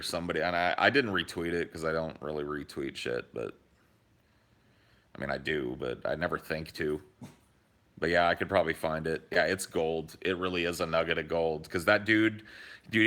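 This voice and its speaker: Young male podcast co-host, bright and punchy, lower-pitched, animated swearing storyteller. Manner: animated storyteller, swears freely, acts out quotes. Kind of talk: casual podcast chat.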